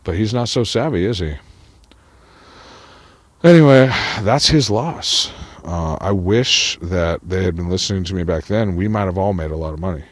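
A man's voice: low-pitched, moderate pace, dry recording. A man talking to camera in a rambling personal monologue, profane and full of "like". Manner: profane, rambling, heavy use of "like". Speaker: vlogger.

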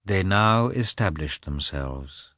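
Low, expressive male audiobook narrator. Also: no echo, studio quality. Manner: expressive, measured storytelling. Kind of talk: scripted narration.

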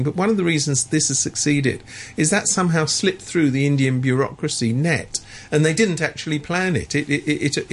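A man's voice: medium pitch, vocal fry, slightly rough. A man giving sardonic, opinionated commentary in a radio studio, stammering and restarting as he talks.

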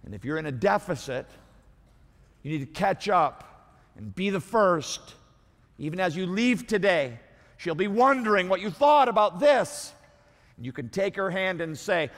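A male pastor preaching a sermon, emphatic, slowing down to repeat key lines. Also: high voice, a bit bright, long reverb tail.

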